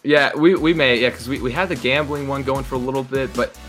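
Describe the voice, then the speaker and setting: A man's voice: medium pitch, fairly quick, a bit bright, faint music behind. A young man co-hosting a casual sports podcast, easygoing and moving the talk from topic to topic. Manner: easygoing, steers to next topic. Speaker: podcast co-host.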